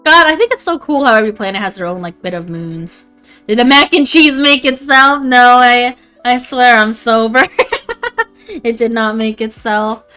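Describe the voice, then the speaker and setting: A woman's voice: on the high side, normal speed, pushed and bright, smooth, faint music behind. A young adult woman chatting casually on a livestream, rambling and swearing freely. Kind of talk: casual stream chat.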